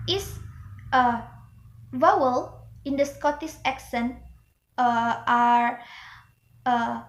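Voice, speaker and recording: A young adult woman from Indonesia gives a student class presentation, sounding hesitant and using many fillers and restarts. Her voice sits high, and the room is echoey.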